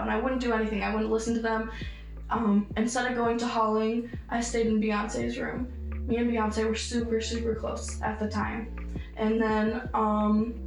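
Young woman, fairly high voice, emotional storytelling, echoey room, faint music behind. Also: gravelly. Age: young adult. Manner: emotional, acts out pleading voices in her story. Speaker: survivor interviewee. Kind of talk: personal storytelling.

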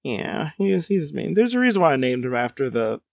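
Man, upper-pitched, casual gamebook reader, dry sound, jokey asides. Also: big pitch swings, a little fast, gravelly, a little mellow, dry recording. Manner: playful, laughs often, reads with asides. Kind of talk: casual chat while reading aloud.

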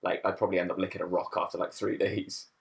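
A man's voice: deep voice, flat delivery, quick pace, gravelly. A man hosting a casual chat, rambling, swearing and laughing often as he asks questions.

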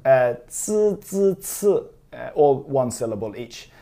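Chatty, mellow-voiced language teacher. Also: mid-range voice, big pitch swings, takes it slowly. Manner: chatty, digressive, laughs easily. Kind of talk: casual spoken lesson.

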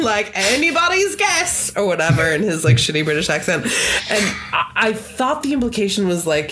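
A woman co-hosting a casual podcast, animatedly recapping a film with laughs and quick asides. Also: medium pitch, noisy background. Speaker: podcast co-host.

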